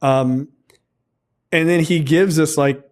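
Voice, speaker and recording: Kinda high-voiced guy ranting about a movie, swears a lot, loose and rambly. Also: fairly even intonation, slow, darkish tone. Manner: blunt and profane, loose rambling delivery. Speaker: podcast co-host. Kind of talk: casual film review chat.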